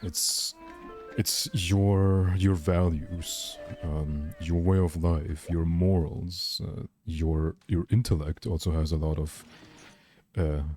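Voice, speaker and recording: A man's voice: sits low, fairly even intonation, slow pace, darkish tone, faint music behind. A man from Germany with a light German accent, rambling candidly in casual chat as a streamer.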